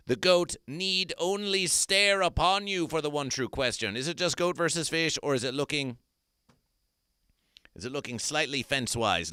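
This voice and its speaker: A man's voice: medium pitch, bright, forceful tone, clean tone, no room sound, clean studio sound. A man hosting an absurdist comedy stream, making grandiose, repetitive, mock-solemn proclamations. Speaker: comedy performer. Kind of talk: absurdist livestream chat.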